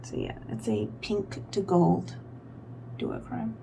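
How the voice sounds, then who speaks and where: Gravelly low-voiced woman chatting through makeup. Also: wildly swooping pitch, takes it slowly, warm tone, a little hiss or hum. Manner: rambling, filler-heavy, self-deprecating. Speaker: beauty vlogger. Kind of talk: casual makeup tutorial chat.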